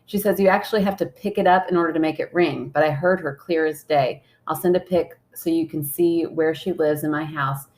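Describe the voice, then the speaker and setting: A woman's voice: deep voice, steady tone, fairly quick, hardly any pauses, a little mellow. A young woman co-hosting a podcast, chatting casually and reading listener messages aloud, laughing often. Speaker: podcast co-host.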